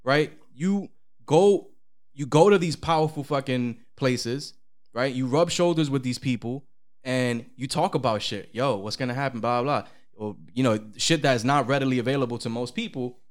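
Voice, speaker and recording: A man co-hosting a podcast in casual chat, animated and profane, with big pitch swings when he quotes people. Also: normal speed. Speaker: podcast co-host.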